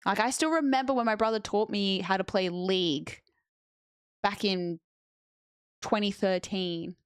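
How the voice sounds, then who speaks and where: A woman's voice: medium pitch, unhurried, smooth, no echo. A young woman streamer chatting casually with her viewers and answering chat on a close mic.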